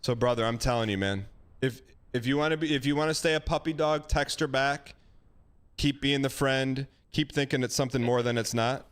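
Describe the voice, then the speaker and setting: A man's voice: mid-range voice, brisk, clear, resonant tone. A man hosting a live stream, giving a caller emphatic, folksy dating advice in a casual chat. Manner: animated, emphatic, folksy with dog metaphors.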